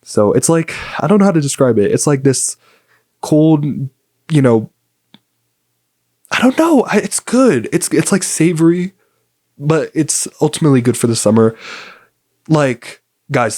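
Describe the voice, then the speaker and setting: A man's voice: medium pitch, lively intonation, unhurried, long pauses, darkish tone, dry recording. Chatty young man, dry close sound. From United States. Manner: rambling, filler-heavy, upbeat and chatty. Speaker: podcast host. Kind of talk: casual solo podcast chat.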